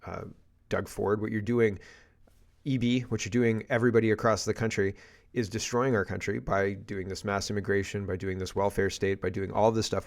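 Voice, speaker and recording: A man's voice: on the low side, fairly even intonation, moderate pace, creaky. A man from Canada giving a casual political rant, blunt and exasperated, with frequent restarts and sighs. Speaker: political commentator.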